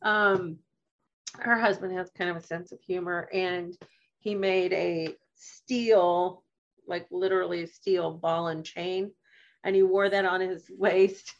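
A woman co-hosting a podcast in casual chat, reflective and relaxed, laughing easily. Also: medium pitch, takes it slowly, dull audio. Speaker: podcast co-host, communication course teacher.

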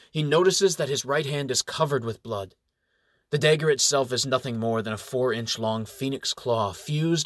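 A man narrates a fantasy audiobook in a steady, measured way at a mid-range pitch. The recording is dry and close, with no room sound. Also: no room sound.

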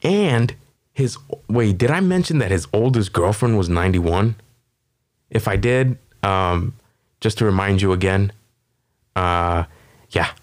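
A man with a very low voice hosts a comedy podcast. He riffs casually and rambles, swearing often and padding his thoughts with ums and you-knows. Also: expressive, measured pace, pauses often. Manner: rambling, profane, with many fillers. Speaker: podcast host.

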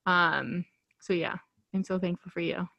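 A woman's voice: fairly low pitch, steady tone, measured pace, gravelly, dry recording, muffled recording. A woman in her twenties hosting a podcast, chatting casually and gushing with thanks, full of ums and you-knows. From Chicago, USA. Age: 20s. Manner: gushing, heavy fillers like um and you know. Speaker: podcast host.

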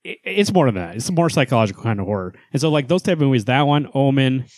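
In his thirties, this podcast co-host rambles through casual chat, laughing a lot and swearing occasionally. His medium-pitched voice is lively, quick and somewhat dark. The studio recording is clean, with no room sound.

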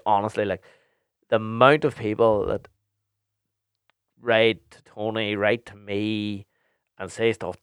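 A young man with a fairly low voice, chatting on his podcast. He talks bluntly, swears freely and rambles with plenty of ums. The recording is dry and close, with no room sound. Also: clear, resonant tone, no echo. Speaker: podcast host and DJ. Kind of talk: casual podcast chat, answering listener questions.

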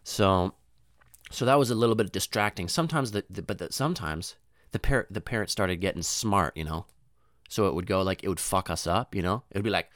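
A young man speaks fairly quickly with a fairly bright tone, telling a long, loose comic story in a dry, clean studio recording. Swearing, "dude," and "you know" come up often, along with restarts and sudden high-pitched impressions of people he quotes.

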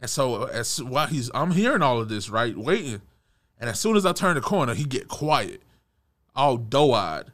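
A young man retelling a personal run-in in a casual storytime, animated, restarting his sentences and chuckling as he goes. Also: mid-range voice, normal speed.

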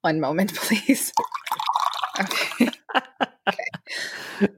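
A young woman, co-hosting a podcast and telling a story in a casual, animated way, full of fillers. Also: mid-range voice, extremely slow, noisy background. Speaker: podcast co-host.

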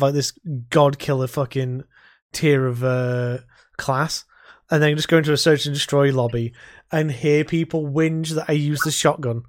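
A man co-hosting a podcast in casual gaming chat, rambling and swearing heavily as he tells his stories. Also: medium pitch. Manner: rambling, heavy swearing, animated storytelling. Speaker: podcast co-host.

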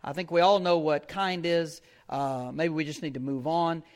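A man preaching a sermon in a chatty storytelling way, slowing down to repeat key phrases and chuckling often. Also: fairly high pitch, steady tone. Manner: conversational storytelling with fillers.

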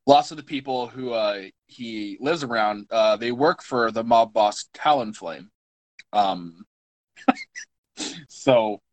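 A man's voice: medium pitch, poor audio. A man co-hosting a casual podcast, rambling and self-mocking as he rates things. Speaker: podcast co-host. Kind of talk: casual chat.

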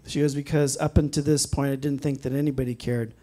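A man's voice: mid-range voice, flat delivery, normal speed, long pauses, dark tone. A man preaching a sermon, telling a personal story in an earnest way and breaking into frequent amens. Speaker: pastor.

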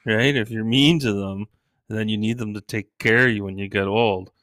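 A middle-aged man with a somewhat low voice tells crude, joking stories in a loose, casual way. He jumps into high, shouted voices for the people he quotes. The recording is very dry and close. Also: fairly even intonation, normal speed, no room sound. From Canada. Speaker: stand-up comedian. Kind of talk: casual comedic storytelling.

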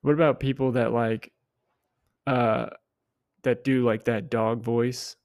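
A man's voice: level tone, slow pace, darkish tone, no room sound, clean studio sound. A young man hosting a solo podcast in a rambling, casual way, with offhand swearing. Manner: rambling, swears casually, mimics people in high voices. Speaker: podcast host.

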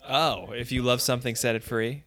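A man's voice: medium pitch, fairly even intonation, brisk, fairly bright tone. A man co-hosting a podcast, recapping events in casual chat and laughing easily. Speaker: podcast co-host.

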